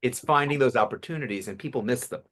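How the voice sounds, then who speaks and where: A man, a public speaking coach, talks as a guest in a podcast interview, telling animated stories with quick restarts. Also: mid-range voice.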